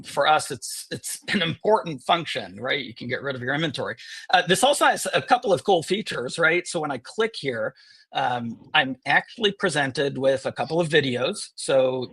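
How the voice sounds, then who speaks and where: A man hosting a live webinar and demoing software. He is upbeat and joking, with sarcastic asides. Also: on the high side, breathy edge. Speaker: webinar host and software presenter. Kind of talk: live webinar product demo. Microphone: earpiece in one ear.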